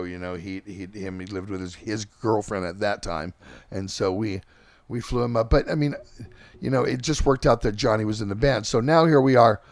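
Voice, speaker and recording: A middle-aged man hosting a podcast, telling band stories in a halting, casual way with lots of fillers and restarts. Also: lowish voice, dry recording. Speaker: podcast host and band singer. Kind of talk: casual rambling storytelling.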